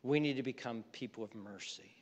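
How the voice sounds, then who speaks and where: A man preaching a sermon, swinging from loud mocking outbursts to soft, earnest appeals. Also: mid-range voice, a little fast, long reverb tail. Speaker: pastor.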